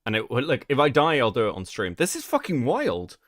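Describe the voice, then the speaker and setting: A man's voice: on the high side, big pitch swings, moderate pace, few pauses, no room sound, studio quality. Mocking British man on a stream. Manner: profane, mocking, loud outbursts. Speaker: streamer host. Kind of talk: live-stream commentary.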